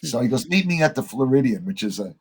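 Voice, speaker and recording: A man talks at a medium pitch. He tells long stories on a podcast, chatty and animated, and he jumps into quoted voices as he goes. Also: fast, husky. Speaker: podcast guest. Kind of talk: conversational storytelling.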